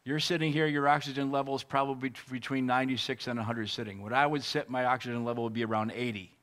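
Guy pastor preaching, earnest and emotional, slow pauses, telling his own story. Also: medium pitch, steady tone, fairly bright tone. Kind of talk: sermon with personal testimony.

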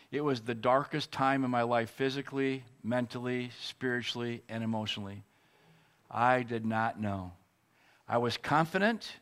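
A man who is a pastor, preaching a sermon and telling a personal story in an earnest, emotional way with pauses. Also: mid-range voice, fairly bright tone, smooth.

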